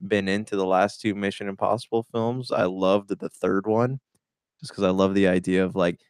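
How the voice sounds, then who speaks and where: A man's voice: low voice, steady tone, moderate pace, a little mellow, clear, resonant tone, dry recording, studio quality. A man co-hosting a casual movie review chat, laid-back and hesitant, often saying "man". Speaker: movie podcast co-host.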